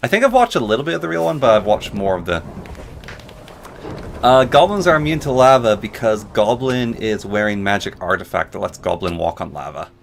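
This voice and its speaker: A man's voice: fairly low pitch, expressive, fairly quick, gravelly, a little hiss or hum. Rambling man on game commentary. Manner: rambling, joking, chatty. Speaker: gaming channel host. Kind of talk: casual gameplay commentary.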